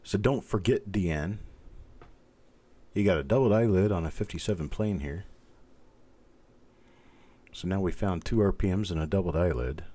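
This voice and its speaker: A middle-aged man hosting a live stream, calmly and methodically talking through each coin and greeting viewers by name. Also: low-pitched, moderate pace, pauses often. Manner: calm, methodical, talks while inspecting coins, greets viewers by name. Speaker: host.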